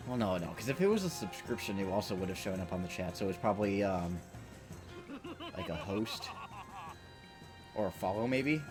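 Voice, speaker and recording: A man's voice: sits low, animated, normal speed, pauses often. A man streaming a game, chatting in a rambling, self-deprecating, joking way. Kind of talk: let's play commentary. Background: game music.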